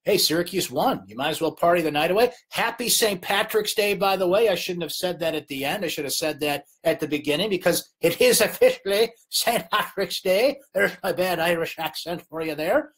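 Exasperated husky sports host. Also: male voice, on the high side, a little fast, few pauses. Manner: exasperated, ranting, animated. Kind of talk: live postgame chat. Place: indoors, late night.

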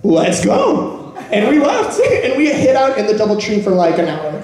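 A man on a convention podcast panel telling a story with lots of laughter and animated energy. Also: high-pitched, a little fast. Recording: echoey hall, panel mic.

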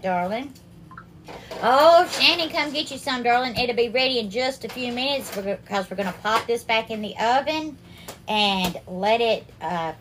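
A woman hosting a live cooking stream, warmly greeting viewers by name and calling them darling and sweetheart. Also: high voice, slight background noise. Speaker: cooking livestream host.

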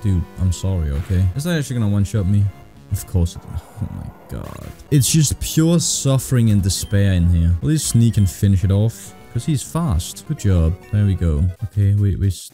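A young man streams a video game, talking fast and loose, swearing and ranting whenever things go wrong. His voice sits fairly low and sounds deeply mellow and dark. Faint game music plays behind him. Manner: excitable, swears a lot, frustrated ranting. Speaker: gaming streamer. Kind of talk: casual gameplay commentary.

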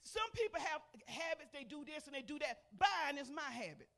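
An older woman preaching a personal testimony from a church pulpit. She speaks in a folksy, conversational way and keeps calling out to the congregation. Her voice jumps from loud, emphatic bursts to near-murmured asides. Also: high voice, expressive, moderate pace. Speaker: pastor. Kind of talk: testimony sermon. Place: church sanctuary.

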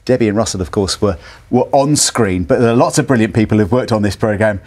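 A man's voice: lowish voice, fast talker, a little mellow. A man presenting breakfast television, steering the studio chat in an affable manner. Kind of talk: live TV presenting.

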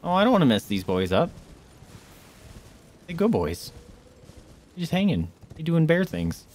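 Excitable man yelping through a gameplay stream. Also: fairly high pitch, a little slow, a little hiss or hum. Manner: excitable, yelps and squeals at the game, talks baby-talk to animals; drops to a hushed voice when sneaking. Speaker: game streamer. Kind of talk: live gameplay commentary.

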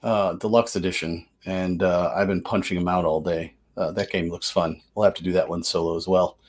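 A man's voice: low voice, steady tone, brisk. A man hosting a board game session, explaining the rules casually, loose and chatty, with fillers and self-corrections.

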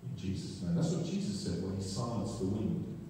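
A man's voice: sits low, a little fast. A man preaching a sermon, telling stories emphatically with frequent restarts, recorded in a church sanctuary. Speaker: pastor. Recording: echoey hall, distant mic, faint noise.

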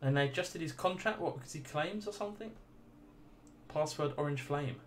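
A man's voice: fairly high pitch, brisk, slight background noise. A man livestreaming a video game, reacting with swearing and laughter while chatting casually with viewers. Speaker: gaming livestreamer. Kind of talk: casual let's play commentary.

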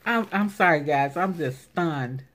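Gushing woman with a lively, unhurried voice. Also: sits low. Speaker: crafting vlogger. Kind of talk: casual unboxing chat.

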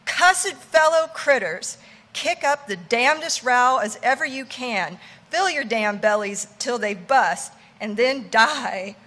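A woman's voice: fairly high pitch, measured pace, a bit bright. A woman voicing a grumbling old male ship's cook in his nineties, muttering and testy, with a preacher-like cadence. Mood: grumbling sermon.

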